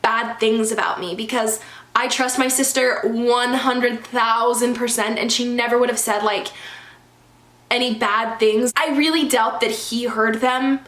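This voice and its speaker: A high-pitched young woman talking straight to camera in a casual storytime vlog. She is chatty and animated, leans on "like" as a filler, and sounds exasperated. The room gives her voice a noticeable echo. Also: measured pace. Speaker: vlogger. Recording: echoey room.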